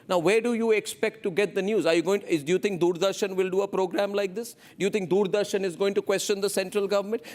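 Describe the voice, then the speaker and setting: A male news anchor steers a heated studio debate. His voice is high for a man, and he talks over his guests, repeating his points with insistent force. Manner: forceful, interrupting, repeats demands.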